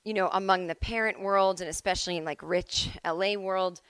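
A woman's voice: mid-range voice, steady tone, a little fast, a bit bright, smooth, no room sound. A woman in her forties from Massachusetts, hosting a solo comedy podcast from home, rambling and self-deprecating with lots of "like" and "I don't know". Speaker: podcast host.

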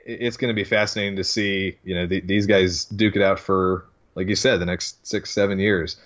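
A male podcast guest with a very low voice, talking casually in halting bits that repeat words as he thinks. The sound is slightly dull and lo-fi. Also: steady tone, a bit bright. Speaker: guest sports writer.

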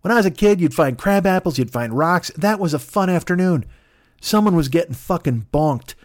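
A male podcast host spins a comic tale full of profane, absurd tangents. His delivery is animated and sits fairly high for a man. The recording is dry and close. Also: normal speed, no echo. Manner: profane, riffing, absurd asides. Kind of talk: comic storytelling.

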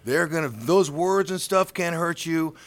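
A man's voice: fairly high pitch, unhurried, pitched above the performer's own voice, lightly acted. God, firm and urging, as a man quotes him. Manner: commanding, urging. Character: God, a firm encouraging male voice.

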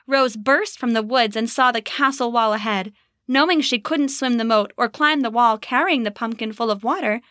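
Woman reading a bedtime-style story, lively telling, bit high, dry room. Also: no room sound. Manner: expressive, measured storytelling. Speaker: narrator.

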